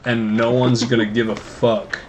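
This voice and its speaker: A young man tells long, swearing-laced stories in a loose, rambling way. His voice sits at an ordinary pitch. A faint hiss runs underneath. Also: level tone, a little slow. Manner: rambling, profane storytelling. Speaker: podcast co-host. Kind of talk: casual chat while gaming.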